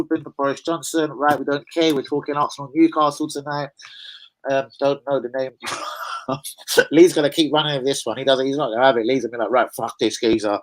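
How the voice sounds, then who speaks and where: A man hosts a live football fan stream at a middle pitch. He chats loosely and swears often, hopping between the guest and the viewer comments. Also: low-quality recording. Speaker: fan channel host. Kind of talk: live football preview chat.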